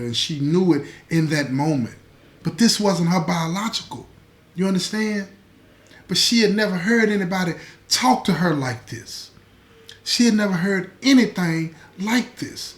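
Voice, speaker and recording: Slightly high-voiced male storyteller, roomy echo. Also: normal speed. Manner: conversational, with asides to the listener. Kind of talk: narrating a dramatic true-life story. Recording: echoey room.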